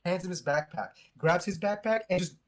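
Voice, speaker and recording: A man's voice: high-pitched, a little fast. A young man co-hosting a podcast, telling a rambling, profane school story in casual chat and laughing along with it. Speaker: podcast co-host.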